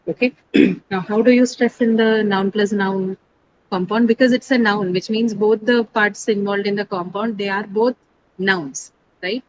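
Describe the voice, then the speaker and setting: A woman's voice: medium pitch, fairly even intonation, normal speed, highs cut off, slight background noise. A woman teaching an online English class, explaining step by step and often checking in with her students.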